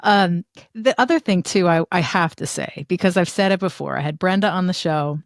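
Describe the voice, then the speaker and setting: A middle-aged woman from the Northeast US hosting an interview podcast, reminiscing warmly and laughing easily. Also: on the low side, moderate pace, gravelly, no room sound, clean studio sound. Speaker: podcast host. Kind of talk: conversational interview.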